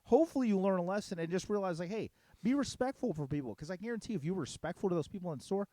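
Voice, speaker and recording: A middle-aged man telling a story in a casual podcast chat, heated and profane. His voice is dark and mellow, and his pitch swings a lot. He talks quickly in a dry, close room. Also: expressive, dry recording. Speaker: podcast co-host.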